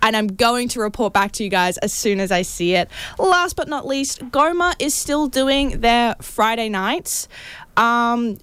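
A woman's voice: fairly high pitch, animated, measured pace, fairly bright tone, smooth. A woman co-hosting community radio, chatting through local events in a bubbly, enthusiastic way. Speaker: radio co-host. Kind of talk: casual radio event roundup. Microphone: studio microphone.

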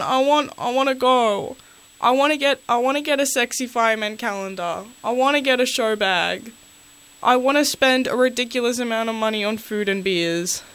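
A woman's voice: a little high, fairly bright tone, smooth. A young Australian woman hosting community radio, ranting on air into a studio microphone with an exasperated, rambling delivery full of fillers.

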